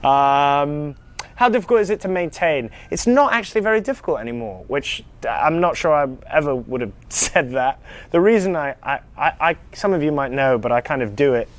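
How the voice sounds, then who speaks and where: A young British man, an actor, chatting casually in a live fan Q&A, telling stories in an animated, self-amused way with frequent ums and restarts. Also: a little high, moderate pace. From United Kingdom. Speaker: actor answering fan questions.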